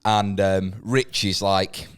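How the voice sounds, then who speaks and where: A man's voice: low-pitched, steady tone, clean tone, no room sound, clean studio sound. A man hosting a comedy podcast, steering an improvised story with lots of fillers and restarts. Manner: halting, many restarts and fillers.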